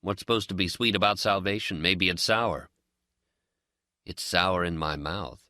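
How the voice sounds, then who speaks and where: A man reading an audiobook and voicing a calm, teasing male friend who is a pipe smoker with a Zen streak. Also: low-pitched, no echo. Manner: teasing, dry, unhurried. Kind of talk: audiobook character dialogue.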